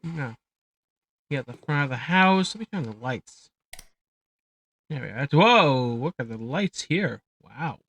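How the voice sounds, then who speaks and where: A woman voicing a sleepy, low-voiced male buddy with slow, flat, mumbled replies. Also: no room sound, highs cut off, heavily acted. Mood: drowsy.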